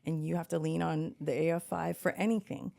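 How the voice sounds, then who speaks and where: A woman's voice: low-pitched, level tone, brisk, vocal fry, mellow, slight background noise. A woman co-hosting a podcast in casual, chatty talk, gushing and often laughing. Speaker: podcast co-host.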